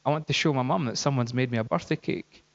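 A man voicing a shy young woman who speaks quietly and wistfully in his own voice. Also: medium pitch, fast, gravelly, close to an everyday voice. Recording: dull, echoey hall.

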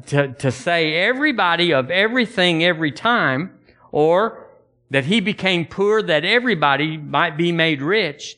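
A man preaching a sermon in a folksy, conversational way, his voice sitting a little high. He repeats words as he works toward a point and slips into old-fashioned scripture phrasing. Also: expressive, normal speed, pushed and bright. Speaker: pastor.

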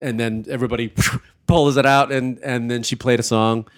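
A man's voice: medium pitch, fairly even intonation, moderate pace. A man telling an easygoing story in casual podcast chat.

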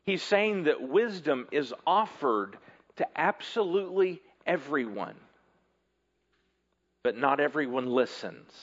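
A man preaching a sermon in an earnest way, often dropping low and quiet at the ends of phrases. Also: big pitch swings, slow, highs cut off. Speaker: pastor.

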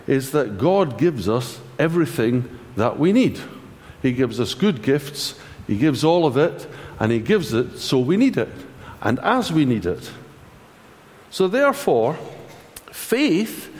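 Animated man preaching in a hall. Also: fairly high pitch. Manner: animated and conversational, wry asides. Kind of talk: sermon.

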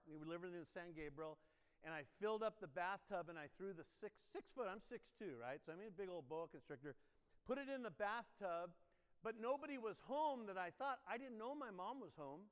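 Middle-aged male pastor, chatty storytelling sermon voice, smooth and resonant, long church reverb. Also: high-pitched, a bit bright. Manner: conversational, storytelling, asks the congregation questions. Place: church sanctuary.

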